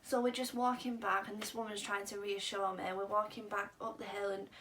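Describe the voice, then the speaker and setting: A woman's voice: mid-range voice, little pitch movement, a little fast, fairly bright tone. A young woman telling a personal story in a chatty, rambling vlog style, full of "um" and "like". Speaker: vlogger. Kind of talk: casual storytelling. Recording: slightly distant mic, faint background hiss.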